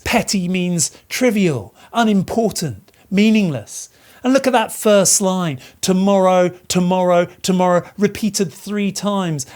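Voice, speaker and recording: A woman's voice: lowish voice, a little mellow. A woman teaching literature in an educational video. She explains the text and asks rhetorical questions to stress her points.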